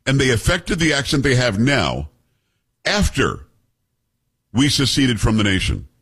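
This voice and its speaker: Lively, husky-voiced radio host man. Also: medium pitch, unhurried. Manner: animated, joking, addresses listeners. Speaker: radio talk show host. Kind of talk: casual call-in radio talk.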